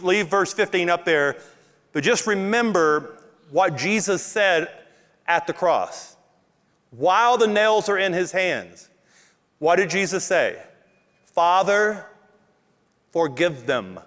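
High-voiced Louisiana pastor preaching. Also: male voice. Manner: animated preaching with emphatic drawn-out words. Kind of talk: sermon. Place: church auditorium with congregation. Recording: long hall reverb in a church.

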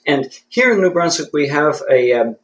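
A man's voice: fairly high pitch, very animated, normal speed, low-quality recording. Chatty canadian man explaining his setup. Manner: thoughtful, self-deprecating, restarts often. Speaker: interview guest. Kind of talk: conversational interview.

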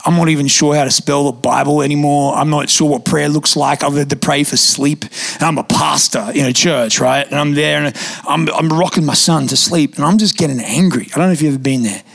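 Gravelly-voiced young male pastor preaching. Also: on the high side, a little fast, hardly any pauses. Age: young adult. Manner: animated storytelling preacher, conversational with fillers. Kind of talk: sermon. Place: church auditorium.

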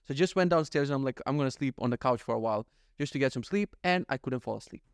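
Rambling, swearing podcast host, dry close sound. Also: male voice, mid-range voice, lively intonation, fast, vocal fry, no room sound. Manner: rambling, jokey, swears freely, acts out little scenes. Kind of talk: casual solo podcast monologue.

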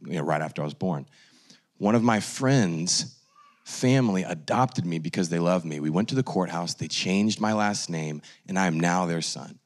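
A young man giving an earnest, animated talk at a church gathering, full of "like" fillers. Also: sits low. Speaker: guest speaker sharing testimony.

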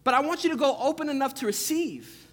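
A young man delivers a sermon in a relaxed, conversational way, often restarting his sentences and adding asides. His voice sits high for a man. The sound has the long reverb of a church hall. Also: a little fast. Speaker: pastor. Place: church sanctuary.

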